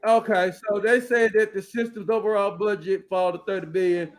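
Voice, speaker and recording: A man's voice: high-pitched, steady tone, normal speed. A male host giving casual live commentary while browsing, blunt and profane, rambling as he reads figures and definitions aloud from the screen.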